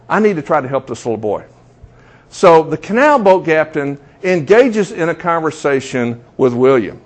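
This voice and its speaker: A man telling a story to a group in a conversational way, with many fillers and restarts. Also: a little high. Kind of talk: interactive storytelling talk.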